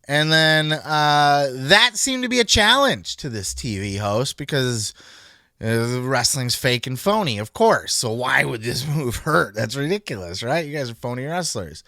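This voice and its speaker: Bright-voiced profane podcast host man. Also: fairly high pitch, unhurried, vocal fry, no echo, studio quality. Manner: blunt, animated, swears a lot. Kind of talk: casual profane commentary.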